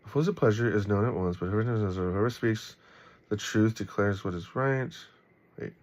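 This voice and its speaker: A man with a voice on the low side talks at a normal speed while loosely commenting on Bible passages. His delivery wanders, filled with ums and likes, yet it feels warm and encouraging throughout.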